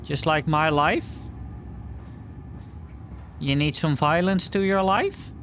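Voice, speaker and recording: A man's voice: a little high, slow, fairly bright tone, slight background noise. A man playing a horror game and commenting with joking, sarcastic asides, sometimes reading in-game notes aloud. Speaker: gaming video creator.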